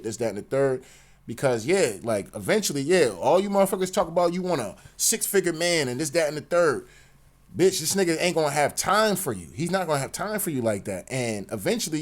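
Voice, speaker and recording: A man telling a personal story in a slang-heavy, profane rant, peppered with "you know what I'm saying". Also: medium pitch. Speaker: commentary channel host.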